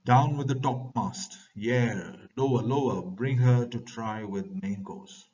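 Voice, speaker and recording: A man's voice: medium pitch, slow pace, darkish tone, close to an everyday voice. Indian man reading as a barking ship's boatswain. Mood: commanding. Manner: barked orders. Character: commanding male ship's boatswain in a storm. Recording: distant dull lo-fi recording.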